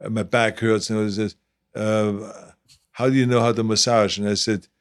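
Man telling halting anecdotes, lowish voice. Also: level tone, clean tone. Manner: halting anecdotes with acted-out quotes. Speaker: guest. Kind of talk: casual storytelling.

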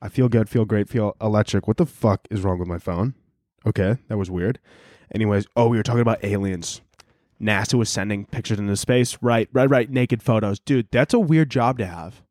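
A young man hosts a comedy podcast, his voice fairly low, slightly fast, and a little mellow, captured in a dry, studio-quality recording. He rambles casually with plenty of filler and acts out little scenes in quoted voices.

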